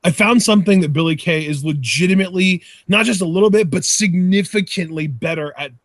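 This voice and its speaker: A man's voice: high voice, a little fast, no echo. A young man co-hosting a casual wrestling review chat, enthusiastic and rambling, often restarting his sentences. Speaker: podcast co-host.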